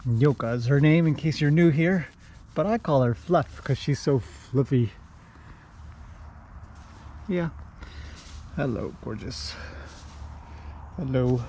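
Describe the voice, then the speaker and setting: Walking among his horses outside, a horse trainer and owner talks casually for his vlog, hailing them in a sing-song lilt. His voice sits a little high and sounds warm, and he speaks at a measured pace with frequent pauses. Slight background noise is audible.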